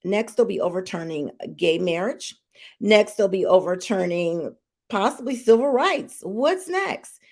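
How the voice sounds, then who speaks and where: Her voice is medium-pitched and a little mellow, with lively intonation and an unhurried pace. Hosting a podcast on a live stream, this woman speaks directly to viewers, airing her opinions casually but forcefully and going over her points again.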